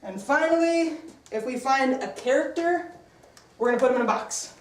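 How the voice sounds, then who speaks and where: A woman English teacher leads her class, brisk and upbeat as she fires questions at her students. Her voice sits a little high. She is picked up from across an echoey classroom with a faint hiss underneath. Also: lively intonation, recorded from a distance.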